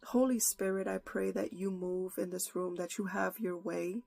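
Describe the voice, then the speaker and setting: A woman preacher praying fervently and giving a prophetic message, slow and pleading. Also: lowish voice, steady tone, vocal fry, a little mellow. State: holding back tears.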